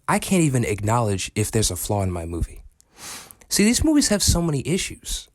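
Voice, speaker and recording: A man's voice: medium pitch, huge pitch swings, moderate pace, no room sound. A man ranting in an angry, profane and sarcastic way in a commentary video. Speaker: film commentary vlogger.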